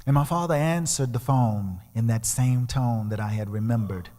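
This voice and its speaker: A man's voice: medium pitch, normal speed, dark tone. A male guest speaker and musician giving a storytelling sermon, dramatically acting out the voices in his story. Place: large church sanctuary. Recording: long reverb of a church hall.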